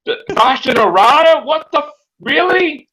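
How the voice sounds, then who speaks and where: A young man hosting a casual fan chat, animated and exclaiming, acting out his own reactions. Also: very high voice, normal speed, low-quality recording. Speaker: podcast host.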